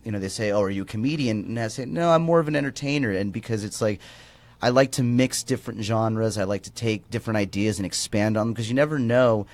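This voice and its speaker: A man's voice: lowish voice, fairly even intonation, quick pace, darkish tone. A man guest and musician on an interview podcast, telling enthusiastic stories casually.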